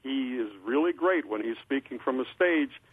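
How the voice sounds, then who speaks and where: An older male political columnist on a phone line, talking in a measured way with many filler uhs and restarts. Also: medium pitch, lively intonation. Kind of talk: phone-in interview commentary. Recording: phone line, husky tinny sound.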